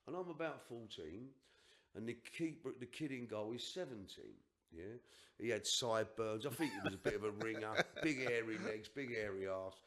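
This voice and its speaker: A man's voice: on the low side, fairly bright tone. Older man telling a rambling story. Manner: rambling and emphatic, with restarts and asides. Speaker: podcast guest. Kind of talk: personal storytelling in a podcast chat.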